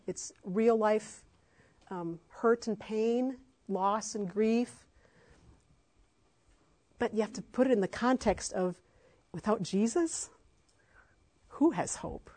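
A woman's voice: fairly high pitch, slow pace, pauses often, darkish tone. Impassioned woman giving a faith talk. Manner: impassioned, emphatic, with frequent fillers. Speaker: speaker on adoption. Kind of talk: faith-based talk to parents.

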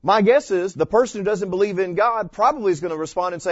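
A man's voice: high voice, fast talker, breathy edge, dry recording. Man, class instructor, conversational lecture, rhetorical questions, muffled lo-fi sound, dry. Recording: dull dry lo-fi lecture recording.

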